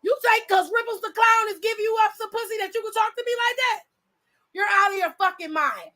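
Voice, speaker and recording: A woman's voice: extremely high pitch, brisk, pushed and bright. A woman in a heated, blunt reaction vlog rant, cursing heavily as she talks about wrestling.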